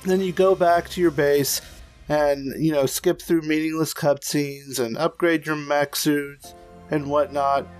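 A man's voice: a little high, fairly even intonation, a little slow, soft background music. A man chatting on a podcast in a loose, rambling way, full of fillers and casual swearing. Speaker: podcast co-host. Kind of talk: casual chat.

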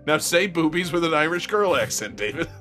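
A man's voice: a little high, lively intonation, brisk, a bit bright, soft background music. A man co-hosting a casual gaming podcast, joking and laughing as he steers the talk. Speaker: podcast co-host.

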